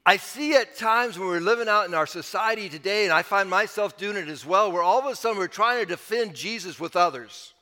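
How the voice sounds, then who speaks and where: High-voiced bright preacher in a reverberant hall. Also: male voice, a little fast, hardly any pauses. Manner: conversational preaching, rising with emphasis then dropping low. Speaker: pastor. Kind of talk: sermon.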